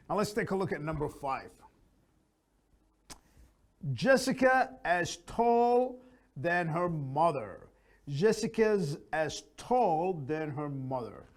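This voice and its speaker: Slow, high-voiced male English teacher. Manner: slow, deliberate, repeats example sentences. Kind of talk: grammar lesson, reading examples aloud.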